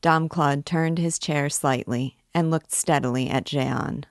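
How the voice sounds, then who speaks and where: A woman reads a classic novel aloud in a low voice, steady and expressive. The sound is dry and close, with no room around it. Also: unhurried, few pauses, dry recording. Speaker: reader.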